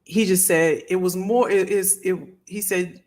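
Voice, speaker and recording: A woman's voice: fairly low pitch, steady tone, unhurried, darkish tone. A middle-aged woman hosting a live stream, chatting casually and heartfelt with her viewers and often repeating phrases. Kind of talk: casual chat to a live audience.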